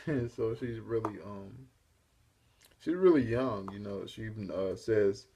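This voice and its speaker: A man's voice: fairly low pitch, slow pace, warm tone, husky. A man casually retelling a comic issue for his own review show, in a rambling, laid-back way. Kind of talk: casual spoken comic recap.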